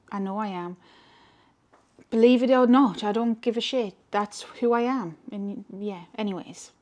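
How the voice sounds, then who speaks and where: A woman with a Geordie accent, chatting frankly to camera as a tarot reader and rambling as she goes. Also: on the high side. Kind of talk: casual chat to camera.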